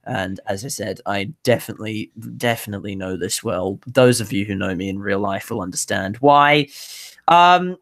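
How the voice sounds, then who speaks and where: A woman's voice: very deep voice, moderate pace. Bubbly rambling podcast woman. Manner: bubbly, rambling with many restarts. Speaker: podcast co-host presenting news. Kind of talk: casual news chat.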